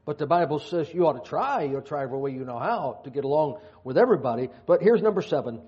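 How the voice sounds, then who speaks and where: A man's voice: on the high side, expressive, fast, darkish tone. A man preaching a sermon, reading scripture aloud and dropping folksy, joking asides. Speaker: pastor. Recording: dull lo-fi sound.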